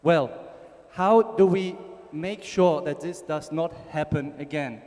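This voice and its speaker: A man's voice: fairly high pitch, slow, darkish tone. A man with a German accent giving a casual conference talk, joking with the audience. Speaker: conference speaker. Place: conference ballroom. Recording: long hall reverb.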